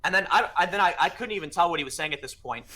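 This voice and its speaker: Fast, bright-voiced man telling a story. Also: fairly high pitch, a little hiss or hum. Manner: fast, animated anecdote-telling with quoted exchanges. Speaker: podcast guest. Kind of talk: casual storytelling chat.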